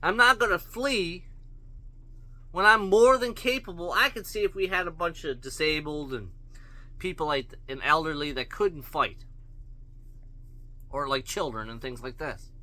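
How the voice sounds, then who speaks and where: High, sharp-voiced man ranting. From Canada. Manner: angry, blunt, profane ranting. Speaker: vlogger. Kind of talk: solo rant to camera.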